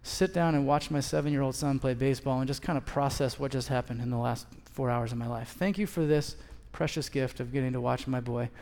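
Speaking at a brisk clip with few pauses, this thirty-something pastor has a medium-pitched, slightly mellow voice. He delivers a sermon built around a story, playing both parties in the exchange, and a long hall reverb colors the audio.

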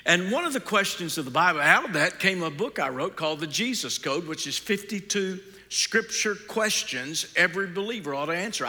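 A middle-aged man preaching a sermon in a large church, his voice bright and cutting with a touch of height to it. He talks in a folksy way, tosses in jokes and keeps asking his listeners questions. A long reverb trails behind every phrase. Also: fairly high pitch. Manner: folksy, joking asides, asks the audience questions. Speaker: guest preacher.

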